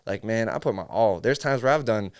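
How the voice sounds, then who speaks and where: This casual podcast interview features a male music engineer from Syracuse in upstate New York. His lowish voice is smooth and fairly quick as he animatedly reenacts studio conversations, peppering his talk with "bro."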